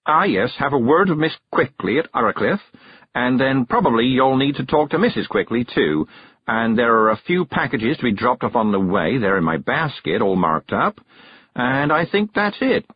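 A man's voice: medium pitch, very animated, normal speed, breathy edge, dry recording, lo-fi sound, voice pushed up. A man voicing a kindly, fussy woman witch who chatters politely, in a storybook reading.

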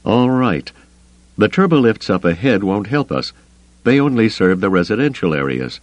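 A man doing a calm veteran commander. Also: on the low side, no echo, pitched above the performer's own voice. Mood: calm, commanding. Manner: measured, quiet, authoritative. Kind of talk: audiobook character voice.

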